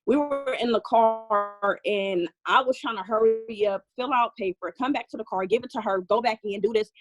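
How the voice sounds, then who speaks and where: A woman's voice: on the high side, no echo. Raw-voiced woman in her thirties, dry sound. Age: 30s. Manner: raw, profane, rushed retelling. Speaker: group member sharing her story. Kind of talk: emotional personal storytelling. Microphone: video call.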